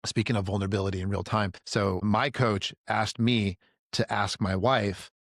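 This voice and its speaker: A man in a casual group conversation, telling stories in an animated way, swearing freely and acting out quotes in a raised voice. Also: fairly low pitch, moderate pace, no room sound, studio quality. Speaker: podcast guest.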